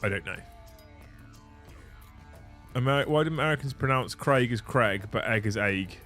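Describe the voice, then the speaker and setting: A middle-aged man from southern England talks in an easygoing southern English accent, at a middle pitch. He argues points playfully, swears in passing and reads viewers' messages aloud. Quiet music runs beneath him. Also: normal speed. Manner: playfully stubborn, joking, swears casually. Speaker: livestream host reading chat. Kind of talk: casual late-night chat with his wife.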